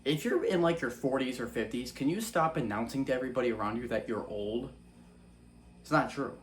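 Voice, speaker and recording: A man's voice: medium pitch, animated, fairly quick, slight background noise. Earnest young man, challenging, rhetorical. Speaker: Christian vlogger. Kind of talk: casual faith-based monologue.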